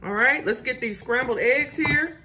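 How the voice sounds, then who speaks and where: This casual cooking vlog features a woman whose high, sharp voice moves at a moderate pace as she exuberantly exclaims and hums while tasting food and chatting with viewers. A faint hiss or hum sits under the recording.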